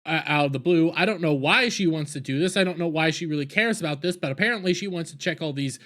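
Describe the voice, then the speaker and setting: A man with a fairly high, bright, forceful voice talks through a casual episode recap. He rambles, trips over and repeats words, and drops wry asides as he goes. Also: fast. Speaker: video reviewer.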